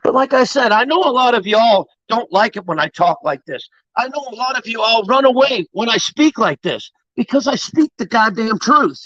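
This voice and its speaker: A man's voice: very high voice, a bit bright, no room sound, highs cut off. A man giving a live-streamed motivational talk, preachy and emphatic, swearing freely. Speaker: motivational livestreamer.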